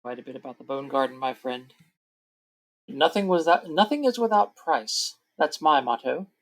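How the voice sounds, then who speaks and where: A man putting on a booming showman peddler. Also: expressive, moderate pace, rough recording. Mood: sly bargaining. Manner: theatrical, booming merchant patter. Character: jovial male undead-wolf-cart peddler, greedy showman.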